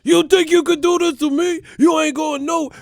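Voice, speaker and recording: A man putting on a menacing, bullying male cop who shouts taunting threats. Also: extremely high pitch, steady tone, normal speed, vocal fry, dry recording, clean studio sound, voice pushed up.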